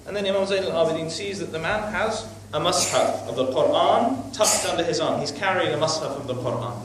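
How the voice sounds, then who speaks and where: Male preacher, emphatic storyteller, high voice, off-mic in a very echoey hall. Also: a little fast, few pauses, distant mic, a little hiss or hum. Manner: emphatic storytelling with religious phrases. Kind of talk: storytelling sermon.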